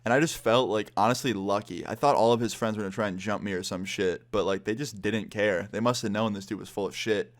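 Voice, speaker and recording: A man's voice: fairly low pitch, fairly even intonation. A young man telling a personal story in casual, swear-heavy talk full of "like.". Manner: swears a lot, fast conversational storytelling full of "like". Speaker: vlogger.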